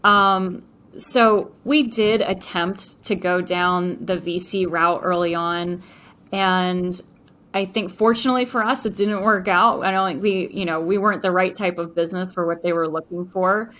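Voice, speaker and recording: A woman's voice: lowish voice, fairly even intonation, measured pace, a bit bright. A woman entrepreneur speaking as a podcast guest, enthusiastic and chatty, with frequent fillers. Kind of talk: podcast interview.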